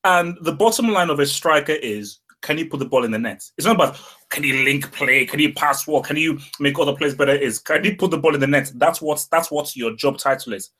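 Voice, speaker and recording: A man's voice: on the high side, brisk, bright, forceful tone. A man co-hosting a casual football podcast, arguing his points emphatically and often repeating words as he starts a sentence. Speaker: podcast co-host.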